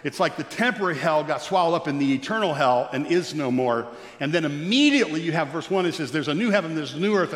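Preaching man in an echoey hall. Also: a bit bright. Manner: expository preaching, rising in pitch when stirred. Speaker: pastor. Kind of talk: sermon. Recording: echoey hall with long reverb.

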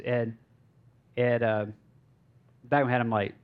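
Male pastor, mid-pitched, informal storytelling sermon with fillers, a bit muffled. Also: steady tone, moderate pace. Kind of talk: conversational sermon. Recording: slightly dull lo-fi recording.

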